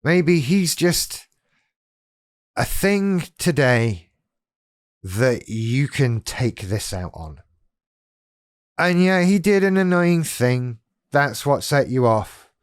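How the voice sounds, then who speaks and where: A man speaks slowly and deliberately, addressing the viewer directly as host of his own channel. His tone is wry and self-deprecating. The sound is close and dry, with no room echo. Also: medium pitch, sing-song, smooth. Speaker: YouTube channel host on living with BPD. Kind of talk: casual direct-to-camera talk.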